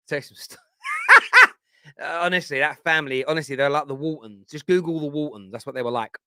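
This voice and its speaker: A man in his forties with a London accent, hosting a football fan show with animated, blunt banter. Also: a little high, moderate pace, no echo, studio quality. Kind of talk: live chat show rant.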